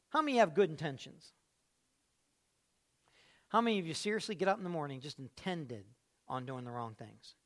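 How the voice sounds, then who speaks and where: Male pastor, high voice, animated sermon with big swings in volume, lots of rhetorical questions. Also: normal speed. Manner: animated, swings between loud and hushed.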